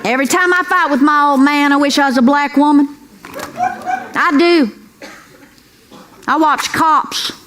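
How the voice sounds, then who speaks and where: An older woman doing a stand-up comedy set, a drawling storyteller who breaks into high-pitched character bits. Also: a little slow, pauses often. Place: comedy club stage before a laughing audience. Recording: roomy club sound with audience noise.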